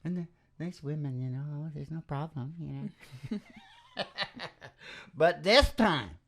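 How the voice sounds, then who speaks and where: Laughing man host, slow drawl. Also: on the high side, gravelly, a bit bright. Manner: laughs often, rambling. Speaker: host of a music and talk show. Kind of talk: singing country covers and casual chat. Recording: live acoustic guitar music. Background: acoustic guitar.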